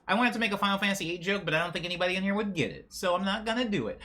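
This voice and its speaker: A man's voice: sits high, animated, racing, few pauses, sharp tone. A man hosting a live stream, chatting casually and reading chat messages aloud. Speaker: livestream host.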